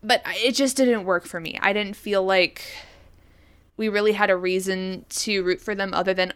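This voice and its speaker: Woman podcast co-host, casual chat, mid-pitched, loose and rambling delivery. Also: normal speed, a bit bright, smooth. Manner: rambling, thinks aloud with many fillers.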